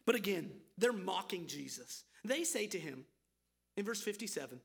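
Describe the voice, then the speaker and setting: A preacher delivering an expository sermon with a gravelly, fry-edged voice. The delivery is emphatic yet conversational, and words often repeat mid-thought. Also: medium pitch, sing-song, normal speed.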